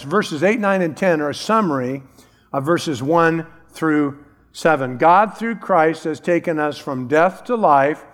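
A man's voice: a little high, big-room sound. A middle-aged man preaching a sermon as a pastor, emphatic and repeating key phrases.

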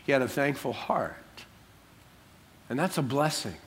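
An older man, a pastor, preaching a sermon in an animated way, acting out quotes with jokey asides. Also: mid-range voice, a little slow, slight background noise.

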